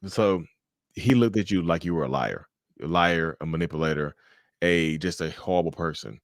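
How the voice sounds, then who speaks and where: A man hosting a casual podcast chat, animated and quick to act out angry quotes, swearing freely. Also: deep voice, no room sound, studio quality. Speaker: podcast host.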